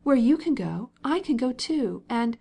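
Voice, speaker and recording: A woman's voice: expressive, measured pace, creaky, warm tone, breathy edge, heavily acted. A woman reading an audiobook, voicing an indignant, tearful young wife who insists on her point. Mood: insistent. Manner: pleading, insistent, raised pitch.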